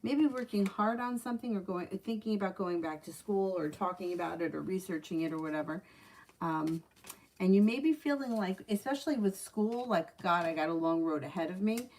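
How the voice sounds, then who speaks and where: A woman's voice: medium pitch, expressive, fairly quick, darkish tone. A woman running a live-stream tarot reading, chatty and blunt, swearing freely when something annoys her. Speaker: tarot reader.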